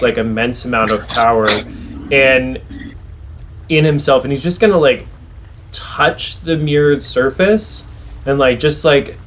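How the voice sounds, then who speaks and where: A man's voice: medium pitch, a bit bright, slight background noise. A man playing a tabletop game, describing his character's actions in a rambling way full of "like". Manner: rambling, heavy use of "like". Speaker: player.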